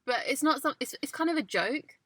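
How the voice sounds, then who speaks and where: A woman's voice: high-pitched, expressive, fairly quick, sharp tone. A young woman co-hosting a casual chat, candid and self-mocking, often amused. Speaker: podcast co-host. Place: parked car.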